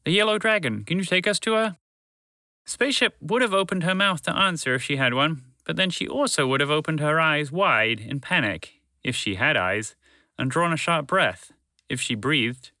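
Man reading a kids story out loud, bright voice, dry close sound. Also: fairly high pitch, normal speed, no room sound. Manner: expressive read-aloud. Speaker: narrator. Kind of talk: storybook narration.

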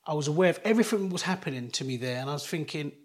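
A middle-aged man, a guest in an interview, telling a personal story in an earnest, halting way with many restarts. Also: a little high, expressive.

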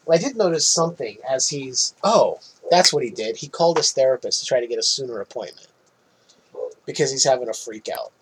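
A man casually recapping a movie on a podcast, animated, laughing often and swearing freely. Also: medium pitch, brisk, a little hiss or hum. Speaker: podcast co-host.

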